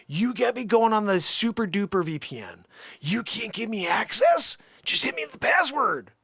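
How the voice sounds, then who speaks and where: Gravelly, high-pitched man ranting. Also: wildly swooping pitch, moderate pace, bright, forceful tone, no room sound, studio quality. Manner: rambling, mock-indignant, jokey. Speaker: livestream host. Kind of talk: improvised one-sided phone call skit.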